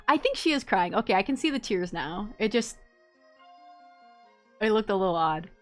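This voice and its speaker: Woman streamer, casual gameplay chat, reactive, middle pitch, faint game music behind. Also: lively intonation, normal speed, long pauses. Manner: chatty, reacts aloud, laughs.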